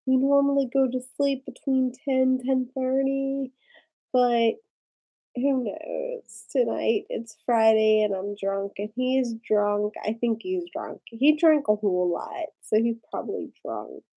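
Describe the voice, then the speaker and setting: Tipsy woman vlogger, slow and husky, rambling casually. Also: a little high, highs cut off. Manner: rambling, lots of "like". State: drunk.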